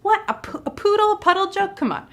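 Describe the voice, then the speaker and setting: A woman's voice: very high-pitched, expressive, fast talker, pitched above the performer's own voice. A woman voicing an exasperated male pet poodle who complains indignantly about his owner's bad joke.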